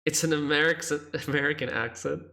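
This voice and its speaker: Brief: man, game streamer, chatty and bright, talks through puzzles aloud. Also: a little high, steady tone, brisk, gravelly. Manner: chatty, thinks aloud, laughs easily. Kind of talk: casual game commentary.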